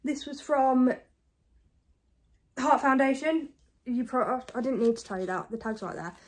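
A woman from the UK chatting casually to camera about her thrift finds, fast and self-deprecating, a bit out of breath. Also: high voice. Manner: chatty and self-deprecating, talks fast with many ums and likes. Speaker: reseller vlogger. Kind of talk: casual haul chat to camera.

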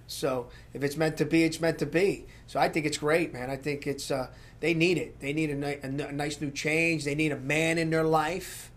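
A man with a slightly raised pitch speaks with emphasis, stumbling and repeating himself as he makes his point. His tone is casual and direct. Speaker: reality show cast member. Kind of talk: casual after-show commentary.

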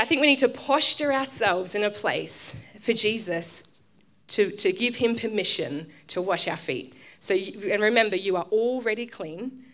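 An Australian woman pastor preaching a casual, conversational sermon, full of fillers and restarts, who acts out the voices in her stories with loud, high outbursts. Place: church stage.

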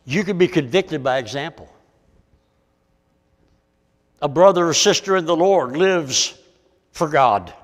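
A man preaching a folksy sermon, swinging between loud and hushed. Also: on the high side, lively intonation, normal speed, in a large hall.

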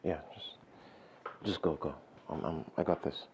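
An actor with a Nigerian accent playing a husband who quietly soothes his dying wife and argues with his lover. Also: rumbling low, measured pace, background noise. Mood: soothing. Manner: hushed, soothing, pleading to calm others. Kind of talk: film drama acting. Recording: film soundtrack with music underneath.

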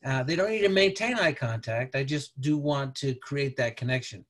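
A man presenting a parenting lecture over slides, talking in a conversational, halting way with many restarts. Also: medium pitch. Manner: conversational, halting, peppered with "you know".

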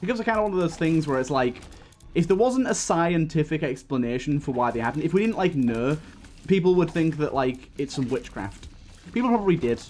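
A man's voice: on the high side, animated, fairly quick, a little mellow, faint music behind. A man giving casual, rambling gameplay commentary as a YouTuber, laughing often and restarting his sentences, with hiccups. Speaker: gaming YouTuber.

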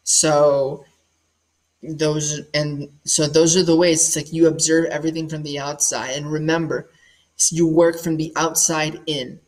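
A young man, an actor and singer, giving a casual acting workshop in an animated, demonstrative way with lots of "like" fillers. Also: on the high side, measured pace.

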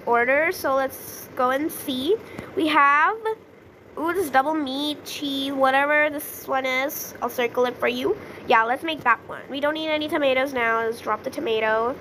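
A young woman chatting through a video game as she plays it, easily flustered, with gasps and excited outbursts. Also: sits high, moderate pace, slight background noise, rough recording. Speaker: gaming YouTuber. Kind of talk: casual gameplay commentary.

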